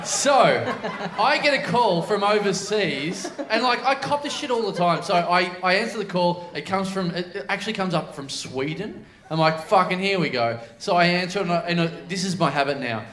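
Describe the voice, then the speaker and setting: A man's voice: high voice, normal speed, a bit bright. A man telling a rambling, swearing story as a comedian on a live podcast panel. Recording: echoey live venue.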